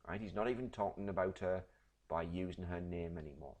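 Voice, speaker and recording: Guy teaching lit, low voice, patient, keeps saying right?. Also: steady tone, fairly quick, darkish tone. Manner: explains patiently, checks in with frequent "right?". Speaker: English teacher. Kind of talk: recorded literature lesson.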